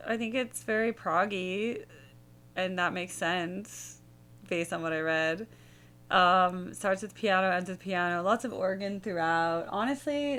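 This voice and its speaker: A woman's voice: mid-range voice, fairly bright tone. Rambling woman host musing aloud. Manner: musing, rambling, hums melodies. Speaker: music reaction host. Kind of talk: casual reaction chat.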